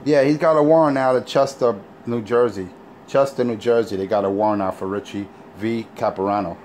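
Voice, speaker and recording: A man's voice: on the low side, fairly quick, darkish tone, slight background noise. A man hosting an online talk show, taunting and mocking someone in a profane way. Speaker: show host. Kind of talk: casual mocking chat.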